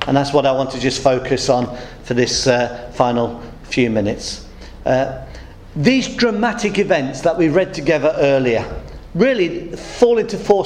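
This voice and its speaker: A man's voice: fairly high pitch, darkish tone. A man preaching a sermon, weaving humorous stories into his teaching. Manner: storytelling with humorous anecdotes. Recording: roomy echo.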